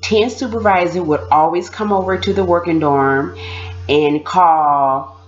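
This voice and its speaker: A woman recalling her time in prison in casual storytelling, animated, often laughing and imitating other people. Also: lowish voice, a little slow, highs cut off. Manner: animated, mimics voices, laughs while telling. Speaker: former prisoner sharing experiences.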